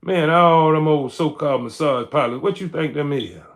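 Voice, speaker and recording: A man's voice: fairly high pitch, normal speed. A man hosting a livestream, ranting in casual commentary. He is emphatic and repeats his points, tagging lines with "man". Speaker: livestream host. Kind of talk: live-stream commentary rant.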